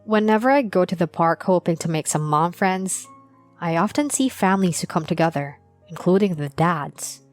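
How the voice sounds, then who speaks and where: A young adult woman narrating her own story as a mother, in a plain, steady confessional tone. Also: fairly low pitch, moderate pace. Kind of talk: first-person storytelling. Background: faint music.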